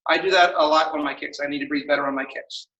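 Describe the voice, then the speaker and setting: A man teaching a martial arts class, calling out commands with energetic shouts and laughter. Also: fairly high pitch, fast talker, dull audio. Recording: echoey room, mic far off.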